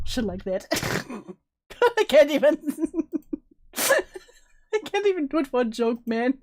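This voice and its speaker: A woman's voice: sits high, big pitch swings, slow pace, pauses often. A woman streamer reacting to a clip in casual commentary, teasing and laughing, with free swearing.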